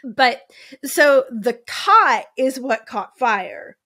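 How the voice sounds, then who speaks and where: A woman's voice: high-pitched, expressive, extremely slow, bright, forceful tone. A woman host telling a true-crime story in a casual, chatty way, full of "like" and wry asides, now and then swearing. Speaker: podcast host.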